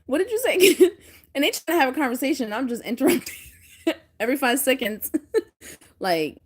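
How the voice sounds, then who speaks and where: Woman vlogger storytime, higher voice, bouncy and all over the place, laughing a lot. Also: a little fast. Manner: animated, laughs often while telling stories. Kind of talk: casual storytelling chat.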